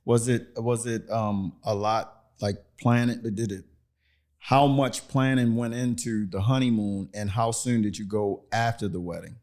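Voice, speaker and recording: A man's voice: on the low side, steady tone, a little slow, darkish tone. Male podcast host asking questions. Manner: friendly, backchannels often, restarts questions. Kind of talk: casual interview.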